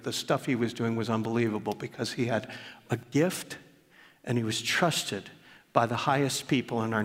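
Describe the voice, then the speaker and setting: An older man, a pastor, preaching a sermon in earnest storytelling fashion in a church. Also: mid-range voice. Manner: earnest, warmly storytelling, rises when reading aloud. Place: church sanctuary. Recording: long reverb of a church hall.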